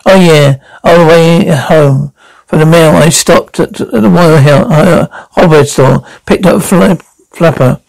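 An actor playing an awkward, earnest middle-aged husband in an audio drama, who talks in halting, stammering bits. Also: male voice, fairly high pitch, gravelly, darkish tone, no echo, low-quality recording.

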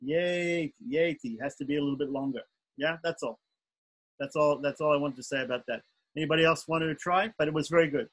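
A man's voice: a little high, a little fast, a bit bright, rough recording. A man teaching an online chanting class, patiently going syllable by syllable and often correcting himself.

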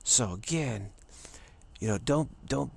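A man hosting a casual spiritual talk video, rambling playfully with hushed asides. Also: medium pitch, expressive, takes it slowly, creaky, breathy edge.

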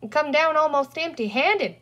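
A pompous, round little green man from a storybook, drawling like an old cowboy, as a woman reader acts him out. He speaks a little high, with a lively lilt. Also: moderate pace, muffled recording. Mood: chatty.

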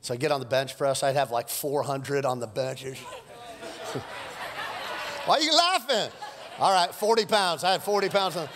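Lively male pastor in a reverberant hall. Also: fairly high pitch, moderate pace, long pauses, a crowd in the background, background noise. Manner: animated, joking with the congregation. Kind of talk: sermon. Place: church sanctuary. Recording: live church sermon with long reverb.

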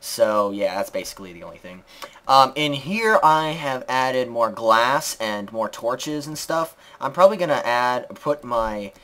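A young man hosting a let's-play video, chatting casually about his build and sometimes breaking into squeaky shouts at the game. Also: lively intonation, measured pace. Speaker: gaming channel host.

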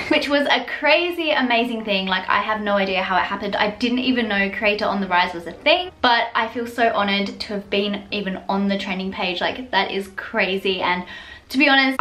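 A woman's voice: mid-range voice, a bit bright, a little hiss or hum. A young woman chatting casually in a home vlog, playful and sarcastic, laughing often as she reads comments aloud. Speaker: YouTuber.

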